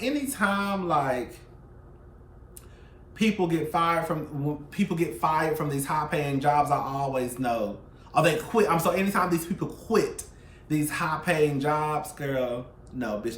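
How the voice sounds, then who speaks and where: A man hosting a casual gossip commentary channel, sassy and profane, swinging between loud outbursts and soft asides. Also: on the high side, lively intonation, moderate pace, reverberant. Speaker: YouTube commentary host.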